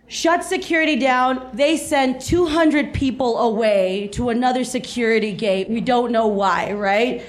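This comedian, a woman in her thirties from South Texas, spins a stand-up story onstage with a chatty, giggly vibe while the audience laughs. She talks a little slowly, in a slightly high voice.

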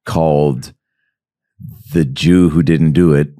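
A man hosting a casual interview podcast, joking, swearing and throwing in quick reactions. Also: a bass voice, fairly even intonation, warm tone, no room sound, studio quality. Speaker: podcast host.

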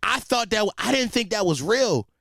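High, lively young man ranting. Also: normal speed, creaky, dry recording, studio quality. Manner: animated, profane, slangy, repeats himself. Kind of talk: comedic rant.

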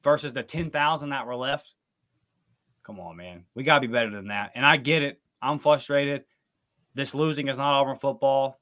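Man, sports podcast co-host, casual recap chat, heated emphatic rants, middle-pitched voice. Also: normal speed, a bit bright.

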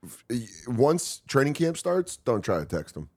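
A man, a guest comedian, chatting casually on a podcast and acting out shouting fans as he tells stories. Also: mid-range voice, a little slow. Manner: animated storyteller who acts out shouting fans.

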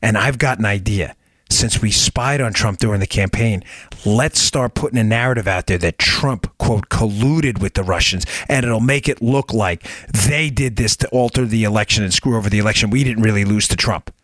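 A man's voice: fairly low pitch, moderate pace, a bit bright, dry recording, clean studio sound. A man hosting a political podcast, talking emphatically and sarcastically, firing rhetorical questions at his listeners. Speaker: podcast host. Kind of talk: political commentary monologue.

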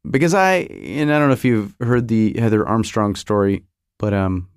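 A man's voice: on the low side, lively intonation, moderate pace, clear, resonant tone, no room sound. Rambling, nostalgic American man, dry sound. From United States. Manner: nostalgic, self-interrupting, searches memory aloud. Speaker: podcast host. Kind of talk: rambling monologue.

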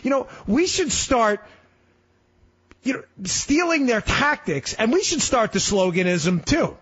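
Man, talk radio host, lively swooping delivery, raspy edge, sarcastic political rant. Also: very high voice. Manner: fast, animated, sarcastic, rambling. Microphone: studio microphone. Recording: slightly muffled radio broadcast.

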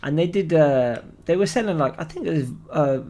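A young man telling a story on a podcast in an animated, swearing way. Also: a little high, brisk. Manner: animated, swears freely, acts out voices. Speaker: podcast co-host. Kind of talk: casual storytelling chat.

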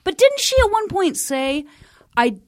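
Lively-voiced woman chatting on a podcast. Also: very high-pitched, normal speed, no echo, studio quality. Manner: incredulous storytelling with quoted lines. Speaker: podcast guest. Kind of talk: casual chat.

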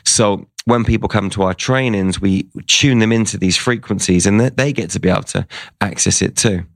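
A man's voice: lowish voice, normal speed, creaky, no room sound. A man, a guest in an interview, telling a personal story in a casual way and quoting what people said to him.

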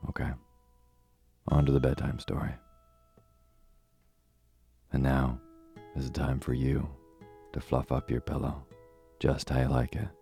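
A man's voice: a bass voice, a little slow, creaky, long pauses, faint music behind. A man hosting a bedtime story show, chatting informally and then reading a story aloud in a soothing way. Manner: relaxed, informal. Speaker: bedtime story podcast host.

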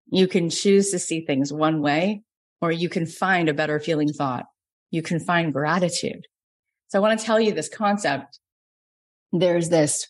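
A middle-aged woman from Florida, a business coach telling a personal story, animated and acting out quoted lines. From Florida, USA. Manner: animated, acts out quotes with big pitch jumps. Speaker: business coach and podcast host. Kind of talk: storytelling lesson.

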